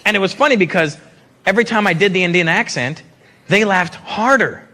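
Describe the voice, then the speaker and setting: A man from Canada doing stand-up comedy, telling animated stories and slipping into quoted voices. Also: high-pitched, a little fast. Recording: live show with loud crowd noise. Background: laughing crowd.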